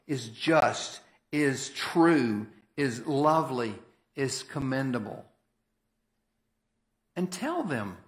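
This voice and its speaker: A man's voice: mid-range voice, a bit bright. A man preaching a sermon as pastor, in a folksy, conversational and emphatic way. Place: church sanctuary. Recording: echoey church hall.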